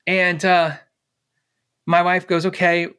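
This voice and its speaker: A man's voice: high-pitched, monotone, slow, bright, forceful tone, clear, resonant tone. A middle-aged man, a guest on an interview, telling a personal story casually, acting out the dialogue with fillers and laughs.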